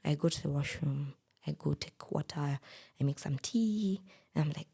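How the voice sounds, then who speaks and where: A woman's voice: low-pitched, moderate pace, vocal fry, mellow, slightly rough. A woman, speaking candidly as a guest and telling a personal story in a podcast interview. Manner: candid, plain-spoken.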